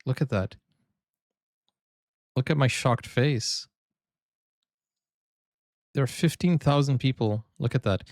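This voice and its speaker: A man from Brazil hosting a sports reaction video, chatting excitedly and often stumbling and restarting his sentences. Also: mid-range voice, slow, pauses often, no room sound, clean studio sound. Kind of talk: casual reaction commentary.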